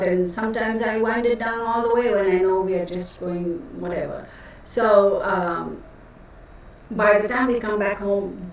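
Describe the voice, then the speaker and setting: A woman chatting casually with her live viewers as a tarot reader, rambling along and calling them y'all. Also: medium pitch. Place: cluttered home room she works from. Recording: echoey room, voice distant from mic, faint noise.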